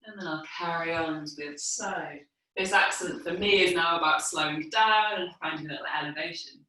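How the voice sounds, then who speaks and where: Woman movement teacher, calm floor cues, slightly winded; roomy, distant sound. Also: on the low side. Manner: calm, unhurried cueing while moving on the floor. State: a little out of breath from exercising. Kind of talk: guided movement class instruction. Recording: echoey room, mic far off.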